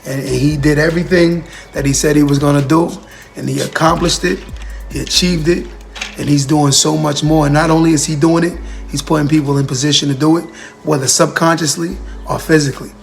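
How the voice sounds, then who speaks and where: A man speaks on a motivational livestream in a gravelly, slightly high voice. He talks earnestly and repeats himself as he addresses his viewers and their comments directly. Soft music plays faintly behind him. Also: steady tone, a little fast. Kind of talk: casual motivational talk.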